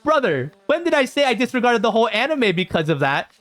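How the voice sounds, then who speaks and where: Animated high-voiced man reading comments. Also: quick pace, faint music behind. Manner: animated, jumps in pitch when exasperated. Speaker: YouTuber reacting to comments. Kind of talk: casual reaction vlog.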